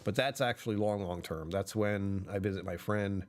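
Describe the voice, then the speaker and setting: A man's voice: fairly low pitch, normal speed, soft background music. A man chatting casually on a livestream, rambling and correcting himself, often laughing mid-sentence.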